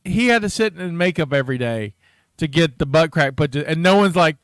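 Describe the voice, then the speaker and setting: A young man co-hosting a casual podcast chat, talking in an animated, rambling way with many restarts. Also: fairly high pitch, a little fast, smooth, no echo. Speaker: podcast co-host.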